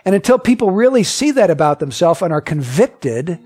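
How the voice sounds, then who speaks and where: A man's voice: high voice, big pitch swings, fairly quick, a little mellow, husky. A man preaching a sermon. He reads scripture aloud, asks the listeners many questions, and repeats his points with emphasis. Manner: emphatic and repetitive.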